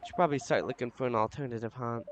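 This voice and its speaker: A dry, teasing young woman from a game, as a man reads her. A middling pitch and plain background noise throughout. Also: very fast, lightly acted.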